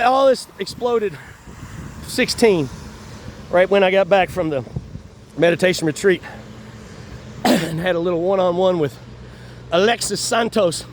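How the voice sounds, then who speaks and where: A high-pitched man, talking on and on, swearing freely and chuckling between thoughts. He sounds worn down by constant pain, and faint traffic hums behind him outdoors. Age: 50s. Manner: profane, rambling, laughs between phrases. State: in chronic pain. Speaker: vlogger. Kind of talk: casual rambling monologue. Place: outdoors on an urban street.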